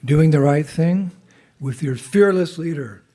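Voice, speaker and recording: A man's voice: mid-range voice, unhurried, mellow, slightly rough. A man with a cold, speaking as a visiting monk, telling a chatty story to a temple gathering and leading call-and-response cheers. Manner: chatty storyteller with laughs, calls out jai responses. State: has a cold, clearing his throat. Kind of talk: informal talk to a temple gathering.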